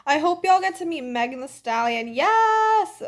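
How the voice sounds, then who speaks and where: Young woman, high voice, congested, breezy livestream chat, phone mic. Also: lively intonation, brisk. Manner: chatty, breezy, lots of "like" and "literally". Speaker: livestream host reading fan comments.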